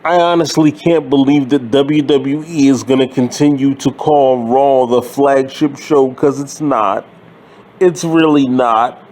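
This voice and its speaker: A man's voice: medium pitch, fairly even intonation, a little slow, a little mellow. A man hosting his own channel, ranting about wrestling in an exasperated, sarcastic, swearing way. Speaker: wrestling commentary channel host. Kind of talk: profane wrestling rant.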